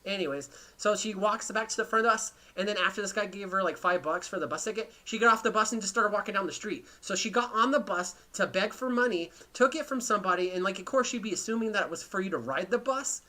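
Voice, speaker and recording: Fast-talking, profane male podcast host. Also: sits high, sharp tone. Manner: profane, rambling anecdote telling. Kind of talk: casual storytelling chat.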